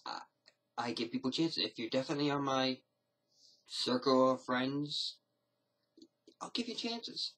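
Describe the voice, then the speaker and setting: Husky, bright-voiced rambling male vlogger. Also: medium pitch, unhurried, long pauses, poor audio. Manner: rambling, hesitant, with frequent restarts. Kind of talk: casual to-camera vlog. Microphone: camera mic.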